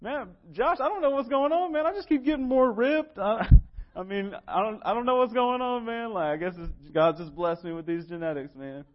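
A man voicing his muscular younger brother as a laid-back, baffled young guy, in a high drawl. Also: moderate pace, hardly any pauses, muffled recording, natural voice.

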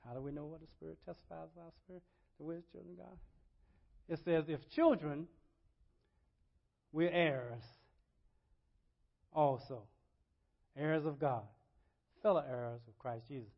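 An older male pastor delivers a sermon in a high voice, dropping to quiet asides and then rising to loud, impassioned crying out. He repeats words and phrases in a rolling preacher's cadence. The recording is dull and lo-fi. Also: measured pace, creaky, long pauses.

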